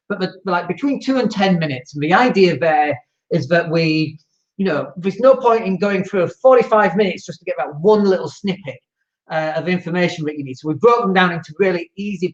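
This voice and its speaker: A man hosting a live-streamed show and talking casually to his viewers, chatty and loose, with fillers and small laughs. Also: high-pitched. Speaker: host. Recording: echoey room, dull lo-fi sound.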